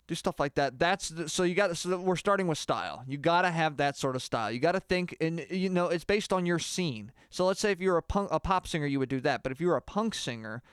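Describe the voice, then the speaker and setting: A man giving a deadpan mock singing lesson, rambling and halting with lots of filler words. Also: a little high, clear, resonant tone, dry recording, clean studio sound. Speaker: comedy mock singing teacher.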